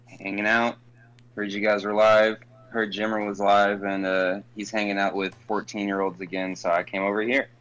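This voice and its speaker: A man's voice: on the low side, flat delivery, normal speed, a bit bright, clear, resonant tone, poor audio. A man chatting casually as a podcast guest, gossiping and mocking. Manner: gossipy, mocking, slips into impressions. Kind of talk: casual chat.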